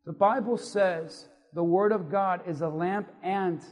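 A man preaching a sermon to a congregation, animated and asking the audience questions. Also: high voice, unhurried. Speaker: pastor. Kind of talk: sermon with audience call-and-response. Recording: echoey hall reverb.

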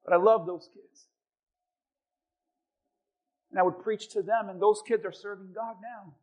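A man, a pastor, preaching a sermon and telling personal stories, acting out the quoted voices with lively swings in loudness. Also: high voice, measured pace. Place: church.

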